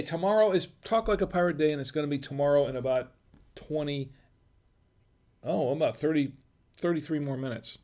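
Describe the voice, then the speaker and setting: A middle-aged man hosting a wine review livestream speaks in a mellow, slightly high voice, brisk but with frequent pauses. His casual chatter wanders and digresses, and he chuckles a lot.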